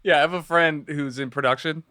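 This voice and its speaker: A man's voice: a little high, fairly even intonation, fairly quick, pushed and bright, no echo, clean studio sound. A man co-hosting a casual podcast chat, musing at length about conspiracy stories with loose, rambling phrasing. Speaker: podcast co-host.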